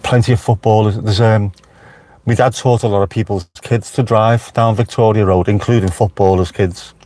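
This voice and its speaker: A man's voice: on the low side, fairly even intonation, normal speed, dark tone, no room sound. A man with a Liverpool accent, chatting casually on a live stream from inside his car with wry asides to viewers. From Merseyside, England. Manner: chatty, wry, talks back to live chat.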